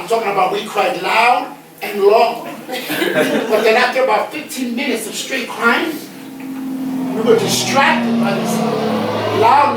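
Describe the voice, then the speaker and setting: A man with a Bronx New York accent telling a comic stage monologue, animated and profane. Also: extremely high pitch. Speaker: stage performer. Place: theater stage before an audience. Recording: echoey theater, distant mic, audience noise.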